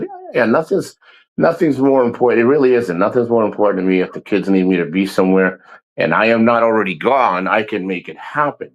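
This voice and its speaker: A man's voice: fairly low pitch, low-quality recording. A middle-aged man chatting casually in a vlog, rambling and retelling a conversation with his family. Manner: rambling, repeats himself, retells dialogue. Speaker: vlogger.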